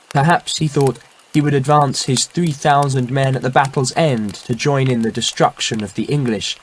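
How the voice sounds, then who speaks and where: A man reading a historical novel aloud in measured, dramatic audiobook narration. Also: medium pitch, slight background noise. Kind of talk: scripted narration. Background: faint background music.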